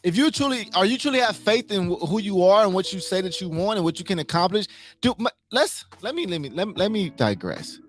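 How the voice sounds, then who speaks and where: A man with a high, sing-song voice speaks briskly while hosting a casual motivational livestream. He is emphatic, repeats his points, and puts questions to his listeners.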